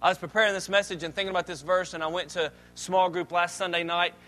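A man's voice: sits high, fairly even intonation, quick pace, pushed and bright. A man preaching a sermon as a pastor, reading scripture and explaining it in a conversational way with joking asides.

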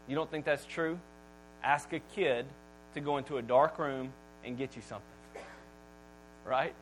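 A man preaching a sermon, swinging from hushed, slow phrases to loud bursts. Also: slight background noise, low-quality recording. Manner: dramatic pauses, drops to near-whisper, then booms. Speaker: pastor.

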